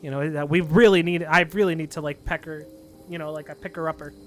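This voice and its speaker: A man's voice: a little high, steady tone, quick pace, faint music behind, close to an everyday voice. A man voicing a chatty, cheerful woman adventurer who is a regular at an inn.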